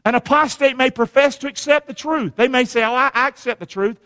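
A man's voice: very high voice, a little fast, bright, forceful tone. A man preaching a sermon in a church, emphatic and calling on the congregation to repeat lines after him. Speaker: pastor. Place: church sanctuary. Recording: long reverb of a church hall.

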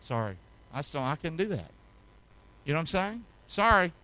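A man preaching a sermon as pastor, calling the congregation to repeat after him and reading scripture aloud, moving between hushed, intimate lines and loud, rising passages. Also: fairly high pitch, sing-song, fairly quick. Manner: call-and-response preaching, swings from hushed to loud.

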